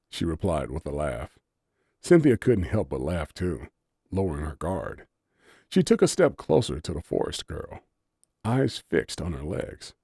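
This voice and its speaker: A man narrating an audiobook story in a low-key, softly spoken manner. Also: big pitch swings, unhurried, breathy edge, no echo, studio quality.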